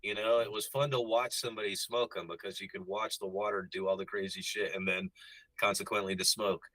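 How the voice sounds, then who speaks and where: A man's voice: on the low side, level tone, a little fast, pushed and bright, dry recording, low-quality recording. A male guest reminiscing in a rambling way, with many restarts. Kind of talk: casual chat.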